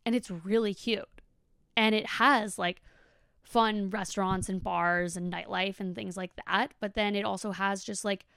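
Young woman, podcast host, chatty and casual, clear smooth voice, dry close sound. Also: mid-range voice, dry recording. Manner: chatty, lots of "like" and swearing. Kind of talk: casual monologue.

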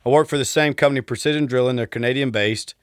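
A fast, clean-toned, medium-pitched male voice is recorded in a dry, clean studio. He's a Texan in his thirties with a Southern accent, a podcast guest telling casual stories in an easygoing, polite manner.

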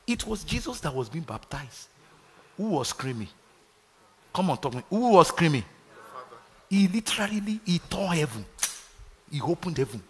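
A man's voice: on the high side, sing-song, normal speed, pauses often, husky, in a large hall. A Nigerian man preaching a sermon, calling out to his congregation for responses. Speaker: pastor. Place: large church hall.

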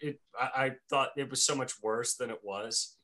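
Male podcast host, bright forward tone, loose joking banter, rambling asides. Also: medium pitch, steady tone, normal speed. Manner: joking, rambling, laughs often. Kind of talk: casual chat.

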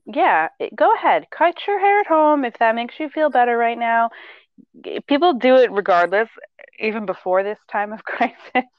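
A woman hairstylist chatting casually, her voice sitting a little high. She talks bluntly, swears freely and keeps breaking into laughter. The sound is dry and close. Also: lively intonation, normal speed, no echo, lo-fi sound. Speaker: mother. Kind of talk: casual chat.

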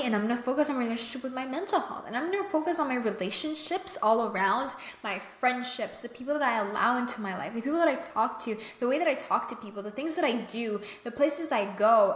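A young woman talks earnestly through a faith-based mental health podcast, leaning hard on her points and checking in with the listener again and again. Her voice sits a bit high, and the room around her rings with echo. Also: a bit bright. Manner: emphatic and earnest, keeps checking in with "okay?". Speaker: podcast host. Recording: echoey room.

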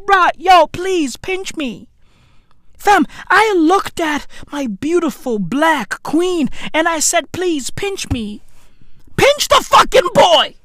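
High-voiced mocking man. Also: a bit bright, dry recording, studio quality. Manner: mocking, exasperated, repeats "bruv" and "fam". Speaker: commentator. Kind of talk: profane comedic rant.

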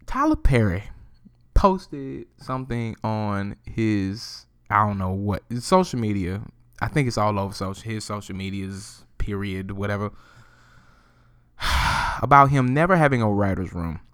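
A man hosting his own podcast, ranting solo in a profane, animated way and laughing often. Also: fairly low pitch, unhurried, clean tone, dry recording, clean studio sound. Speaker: podcast host.

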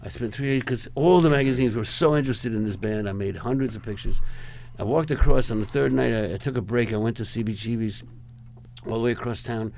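A man's voice: medium pitch, a little fast, gravelly, a little mellow. An older man, a rock photographer, telling long, rambling stories as a guest in a conversation and chuckling between them. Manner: rambling, chuckling, acts out other people's lines. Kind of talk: anecdotal storytelling in a conversation.

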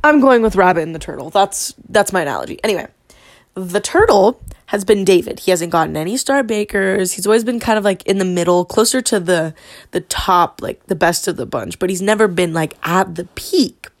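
A young woman vlogging a casual, rambling review of a TV show, excitable and quick to interrupt herself, with the odd swear. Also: medium pitch.

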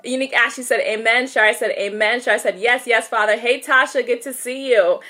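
A woman leads a casual livestream devotional, pitched a little high with a bright, forceful tone. She is upbeat, welcomes viewers by name and moves between prayer and scripture reading. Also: brisk. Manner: upbeat, greets viewers by name, laughs easily. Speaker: host of a live online Bible study.

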